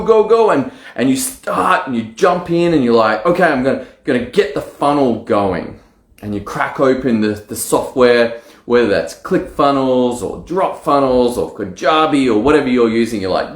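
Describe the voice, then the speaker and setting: A man coaching on online marketing, talking straight to camera in a casual, animated way and acting out his own excited inner voice. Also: medium pitch, echoey room. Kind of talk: casual direct-to-camera talk.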